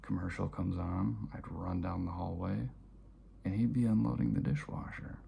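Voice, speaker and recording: Male vlogger, dark mellow tone with a little hiss behind, quiet, half-whispered delivery. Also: low-pitched, steady tone, moderate pace, gravelly. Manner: soft-spoken, often dropping to a near-whisper. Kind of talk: personal storytelling to camera.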